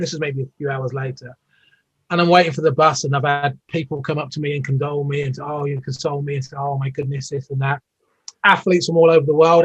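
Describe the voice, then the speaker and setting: A man's voice: fairly high pitch, muffled recording. A British man in his fifties, a former Olympic athlete telling long rambling stories as an interview guest, with plenty of fillers and restarts. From United Kingdom. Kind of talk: casual storytelling interview.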